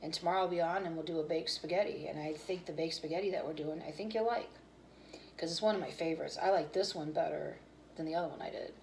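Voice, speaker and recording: A woman's voice: fairly low pitch, a little mellow, slight background noise, rough recording. A woman hosting her own cooking channel, chatting casually and candidly with viewers while tired and yawning. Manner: rambling, candid, talks about fitness and feelings.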